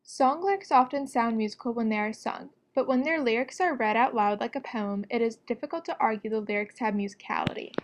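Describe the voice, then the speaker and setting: A woman reading a prepared script, presenting an educational narration in an even, explanatory way. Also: a little high, a little fast, few pauses, a little hiss or hum.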